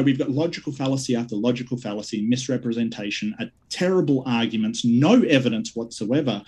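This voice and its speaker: Husky man arguing in a debate. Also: mid-range voice. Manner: forceful, lists points in rapid runs. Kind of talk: online debate closing statement.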